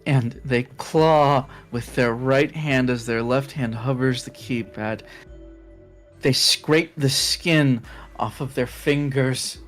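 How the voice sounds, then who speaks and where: A tabletop role-play player narrating their own character's actions in slow, halting phrases. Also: medium pitch, faint music behind.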